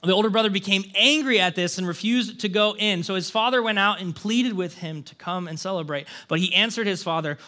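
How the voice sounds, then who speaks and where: A man's voice: high-pitched, a little fast, hardly any pauses, bright, forceful tone. A young male pastor preaching a sermon, reading a scripture story aloud and then talking to the congregation in an earnest, conversational way. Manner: conversational, earnest, with restarts and "right?" asides.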